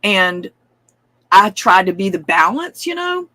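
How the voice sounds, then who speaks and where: A woman's voice: mid-range voice, sing-song, unhurried, sharp tone, no echo. A woman, telling a long personal story in a casual, rambling way, with swearing and frequent asides.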